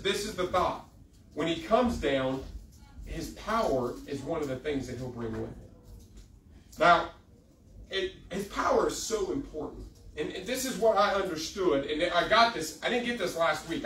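A man's voice: fairly high pitch, lively intonation, moderate pace, fairly bright tone, a little hiss or hum. A man preaching a sermon as a youth pastor, emphatic, with many restarts and rising climaxes. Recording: echoey room heard from a distance.

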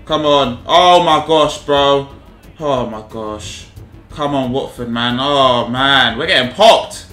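Young man, gaming commentary, bright sharp voice, echoey room, music underneath; animated and pleading. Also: medium pitch, slow, hardly any pauses. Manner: animated, pleading and exasperated, slangy. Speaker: gaming YouTuber. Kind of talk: live game commentary.

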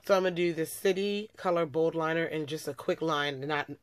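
Against a noisy background, a young woman with a deep voice talks a little fast through her makeup tutorial. She's a beauty vlogger, chatty and self-correcting, narrating as she works.

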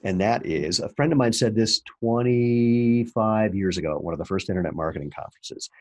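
A man in his fifties, a guest on a podcast interview, talking in a wry, animated way with fillers and restarts. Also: fairly low pitch, a little fast. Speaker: entrepreneur guest.

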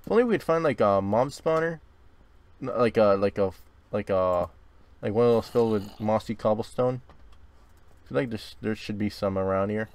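Give me a young man doing casual game commentary, jumpy and quick to curse. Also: fairly low pitch, dry recording. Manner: jumpy, swears and yells when startled. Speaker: gaming channel host. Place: dark closet.

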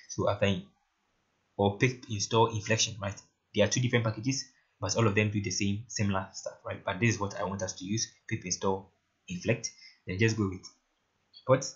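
Man, coding tutorial host, casual and repetitive, lowish voice, dull lo-fi mic. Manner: casual, repeats "right?" and "very interesting". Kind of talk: screen-recorded coding tutorial. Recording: lo-fi muffled mic. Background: keyboard typing and clicks.

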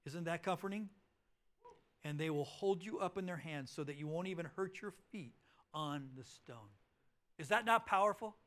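High-voiced pastor preaching a sermon. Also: male voice, moderate pace. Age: middle-aged. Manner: storytelling, swings from loud emphasis to hushed. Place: church auditorium.

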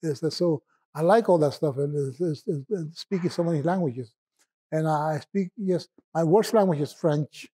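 A man's voice: on the high side, warm tone, husky. A poet as a podcast guest in casual conversation, musing aloud and often stumbling and restarting his sentences. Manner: halting, stumbling over words and restarting; musing and reflective.

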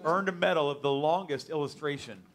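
Fast-talking pastor teasing from the side. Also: male voice, on the high side, a bit bright. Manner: quick, teasing interjections. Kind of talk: interjecting during testimony. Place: church service.

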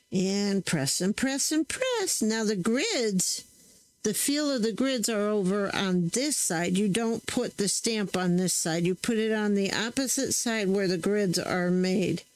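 Woman, craft vlog host, unhurried, chatty, mid pitch. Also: lively intonation, poor audio. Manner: chatty, self-correcting, talks to viewers while working. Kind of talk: casual crafting demo chat.

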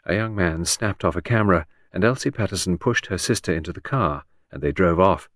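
Man reading an old detective novel, low voice, dry close sound, small voice changes for the characters. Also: fairly quick, few pauses, dry recording. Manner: reads the characters' lines with small shifts of voice. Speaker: audiobook narrator. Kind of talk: scripted narration.

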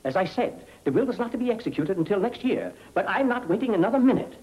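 An actor playing a nervous attorney in a 1940s film, urgent, clipped and impatient. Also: male voice, sits high, sing-song, fast talker, darkish tone, slight background noise, poor audio. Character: nervous, hurried male lawyer.

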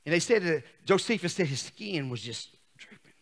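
Fervent pastor, high and bright-voiced, shouts then drops hushed, long church reverb. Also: male voice, sing-song, moderate pace. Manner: shouts and swings between loud and hushed. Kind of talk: fiery sermon. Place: church sanctuary.

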